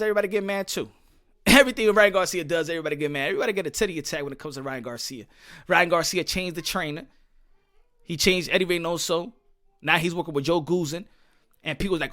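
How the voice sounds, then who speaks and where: Heated, fast-ranting American man. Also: a little high, fairly bright tone. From United States. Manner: heated, profane, repetitive, rhetorical questions. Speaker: boxing channel host. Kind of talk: ranting commentary monologue.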